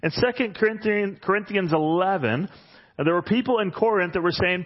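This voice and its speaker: A man's voice: high-pitched, normal speed. A man preaching a sermon in a church hall, conversational and joking, reading Bible passages aloud. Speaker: pastor. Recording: muffled sound with long hall reverb.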